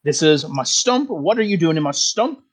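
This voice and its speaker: A man's voice: big pitch swings, normal speed. A man voicing a volatile, paranoid male hermit in a tabletop game, with a put-on accent. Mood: angry. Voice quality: put-on accent, sudden high yelps. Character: paranoid, volatile male stump-dweller with a hot poker.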